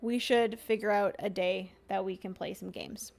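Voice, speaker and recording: A woman's voice: medium pitch, steady tone, normal speed, vocal fry, a little mellow, soft background music. A young woman streamer chatting casually and giggling as she rambles through a livestream.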